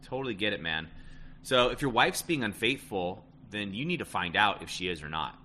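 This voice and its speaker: A man's voice: on the low side, animated, moderate pace, sharp tone, slight background noise. A man coaching listeners on relationships in a casual, emphatic way, often tagging lines with "right?". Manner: emphatic, repeats "right?" and "end of story". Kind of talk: casual advice talk.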